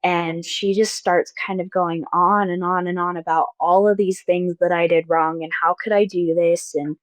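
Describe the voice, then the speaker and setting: Young woman guest, lowish pitch, dry close sound, hesitant with many fillers. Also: fairly even intonation, normal speed, no room sound. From Mormon-majority town in the US. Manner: soft, hesitant, many likes and restarts. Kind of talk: personal storytelling interview.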